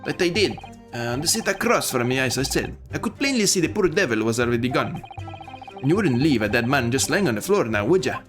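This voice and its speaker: A man's voice: medium pitch, big pitch swings, a little fast, lightly acted. A man voicing a shrewd middle-aged moneylender in a put-on Irish accent, sly and folksy, over game music. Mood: wily. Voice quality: folksy, sly, rolling phrases.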